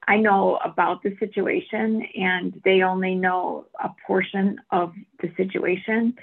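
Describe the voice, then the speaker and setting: Gravelly woman coach on a tinny line. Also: medium pitch. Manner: slow, thoughtful. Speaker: internal coach. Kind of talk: group discussion. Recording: phone-like line.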